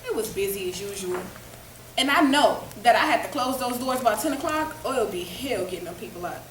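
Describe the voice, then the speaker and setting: A woman's voice: on the high side, lively intonation, fairly quick. A woman giving a dramatic first-person story, acting out the dialogue vividly. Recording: echoey room, distant mic, faint noise.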